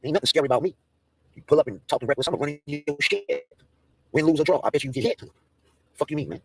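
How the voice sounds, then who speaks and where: A man's voice: a little high, rapid-fire, breathy edge, no room sound. A man in a profane, taunting livestream rant, mocking and daring his targets.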